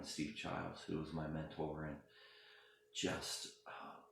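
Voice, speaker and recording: A man who is a pastor, talking through a personal story in a halting, emotional way with many restarts. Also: low voice, vocal fry, heavy reverb, a little hiss or hum. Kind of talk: personal reflective talk.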